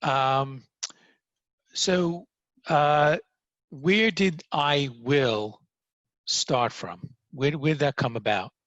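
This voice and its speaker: Interview host, man, slow measured questions, dry muffled recording. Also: a little high, fairly bright tone, no room sound. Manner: brief reactions and slow questions. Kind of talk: casual interview. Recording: dull, dry, lo-fi sound.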